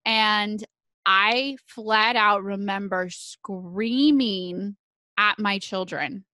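Animated woman host, dry close sound. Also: medium pitch, very slow, dry recording. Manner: animated storytelling, laughs often. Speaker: podcast host. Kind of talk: casual conversation.

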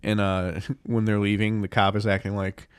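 A man's voice: fairly low pitch, little pitch movement, normal speed, clear, resonant tone, dry recording, clean studio sound. A man co-hosting a podcast in casual chat, rambling through stories with many fillers and frequent laughs. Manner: rambling storyteller, laughs often, lots of filler "like". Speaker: podcast co-host.

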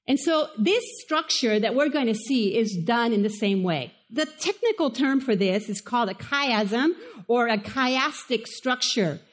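A woman with a Spanish accent preaches in a high, bright-toned voice. Her delivery is conversational and animated, and she keeps turning questions back to the congregation. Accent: Spanish-accented English. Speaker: pastor. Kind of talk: sermon.

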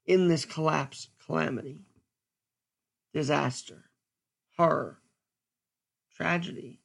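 A man giving an earnest, stern solo commentary as a podcast host, speaking deliberately with pauses. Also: high voice, gravelly, a bit bright.

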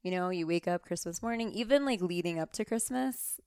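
A woman's voice: on the low side, fairly quick, darkish tone, smooth, dry recording, studio quality. A young woman guest on a podcast, chatting casually and laughing easily, with lots of "like". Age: young adult. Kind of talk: casual chat. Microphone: close podcast microphone.

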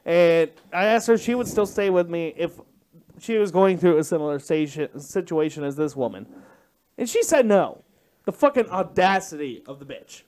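A man's voice: sits high, sing-song, normal speed, a little mellow. A man co-hosting a podcast, trading crude jokes in casual comedic banter. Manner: crude, joking. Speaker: podcast co-host.

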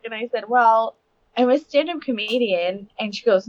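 A woman's voice: on the high side, normal speed, dry recording, lo-fi sound. A young adult woman co-hosting a podcast, telling stories in a chatty way and laughing often. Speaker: podcast co-host. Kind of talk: casual podcast chat.

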